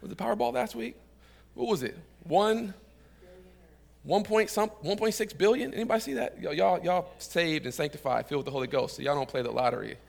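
A man's voice: high-pitched, brisk, gravelly. A male pastor preaching a sermon in church, joking and telling stories, calling on the congregation to answer back. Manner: calls out to the congregation for responses; lively, joking storyteller.

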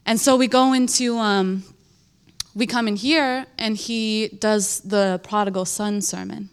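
A woman tells her personal faith story slowly and earnestly. She speaks in halting runs, fills her sentences with "like" and often restarts them. Her pitch sits in a middle range for a woman. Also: steady tone, smooth. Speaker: churchgoer giving a testimony.

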